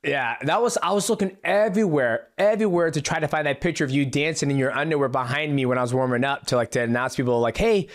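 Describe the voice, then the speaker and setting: A man hosting a podcast, telling a story in a relaxed, self-correcting way. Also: mid-range voice, fast talker, hardly any pauses. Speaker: podcast host. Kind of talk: casual chat.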